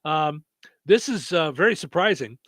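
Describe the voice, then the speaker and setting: A man's voice: on the high side, lively intonation, normal speed, a bit bright, no room sound. A man hosting a radio morning show, chatting casually with many fillers and restarts. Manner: rambling, lots of fillers and restarts.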